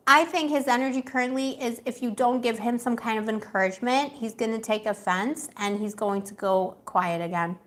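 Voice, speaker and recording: A young woman tarot reader does a live reading in a casual, chatty way, laughing often and using lots of fillers. Her voice is a little high and fairly bright, at normal speed.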